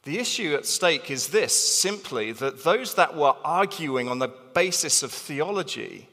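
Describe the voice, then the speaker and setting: A man preaching with a bright, forceful voice set a little high for a man. He speaks in an animated, emphatic way and repeats phrases for stress. His words ring out with the long reverb of a big hall. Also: a little slow, few pauses. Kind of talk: sermon.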